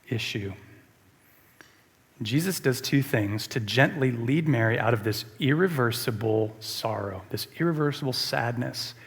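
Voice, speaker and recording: A man preaching a sermon as pastor, earnest and questioning, moving between emphatic lines and hushed ones. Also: mid-range voice, slightly rough, long reverb tail. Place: church.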